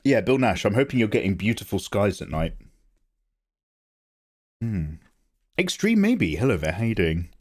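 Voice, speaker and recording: Animated joking man streaming. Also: fairly low pitch, unhurried, long pauses. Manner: joking, animated, reads out viewer names and replies to chat. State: tired. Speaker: art livestreamer. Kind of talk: casual livestream chat.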